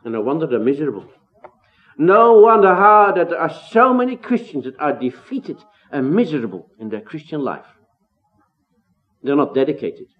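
Earnest preacher on a tinny line. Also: male voice, mid-range voice. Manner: earnest, emphatic with rising exclamations and rhetorical questions. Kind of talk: expository sermon. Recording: tinny phone-like sound.

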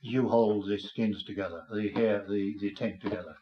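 A man's voice: on the low side, steady tone, moderate pace. An older man preaching a sermon, earnest and tender, rising to fervent emphasis. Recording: dull, roomy, slightly noisy recording.

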